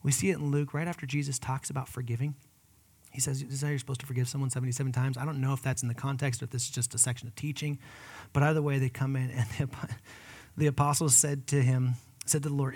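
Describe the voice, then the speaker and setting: A man preaching a sermon in an earnest, conversational way, moving between loud emphatic peaks and hushed whispers. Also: mid-range voice, level tone, fast talker. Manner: personal, addresses listeners as guys. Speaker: pastor.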